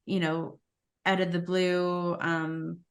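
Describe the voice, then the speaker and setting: Podcast co-host, female, slightly low voice, relaxed and rambling, peppers her talk with fillers. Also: takes it slowly. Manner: loose and rambling, full of fillers like "you know" and "like". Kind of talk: casual chat.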